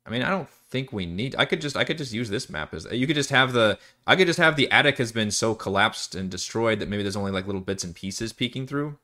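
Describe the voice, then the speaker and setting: A man's voice: on the low side, expressive, fast talker, few pauses, bright, forceful tone. A man from Texas, a dungeon master rambling casually through campaign prep on a live stream, restarting sentences and cursing now and then. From Texas, USA.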